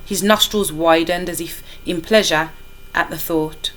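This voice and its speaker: A woman teacher reading a children's novel aloud to her class in a lively, expressive way. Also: lowish voice, measured pace.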